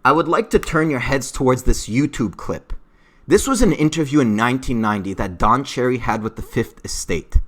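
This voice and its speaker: A man's voice: medium pitch, expressive, a little fast. A man giving an unscripted, emotional opinion rant about hockey, growing heated. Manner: heated, emotional, rising to shouting. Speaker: hockey commentary vlogger.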